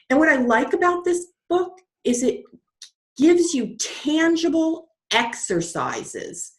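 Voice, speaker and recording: Lively storytelling woman, echoey room. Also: medium pitch. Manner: lively, dramatic, acts out the voices in her story. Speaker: guest author. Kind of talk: animated storytelling in an interview.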